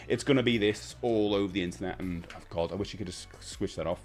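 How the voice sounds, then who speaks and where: A man's voice: sits low, fast talker, hardly any pauses, soft background music. Chatty man in his fifties. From United Kingdom. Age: 50s. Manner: chatty, rambling, reads out viewer messages. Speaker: livestream host. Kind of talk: casual live-stream chat.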